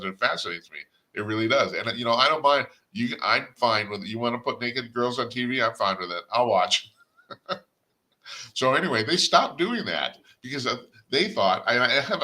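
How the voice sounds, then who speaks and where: A man's voice: medium pitch, pushed and bright. An older man hosting a talk radio show, giving a blunt, rambling opinion monologue with chuckles and restarts.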